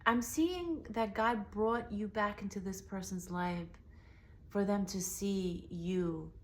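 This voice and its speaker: A young woman giving an emotional, soothing intuitive reading straight to the listener, often dropping into soft whispers. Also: mid-range voice, takes it slowly, slight background noise. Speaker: tarot reader.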